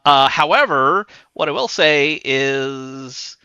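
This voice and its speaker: A man's voice: fairly high pitch, lively intonation, slow, bright, forceful tone, smooth, dry recording. A man hosting a stream who chats casually and hesitantly, with many fillers. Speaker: stream host. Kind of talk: casual chat. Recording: dull lo-fi audio.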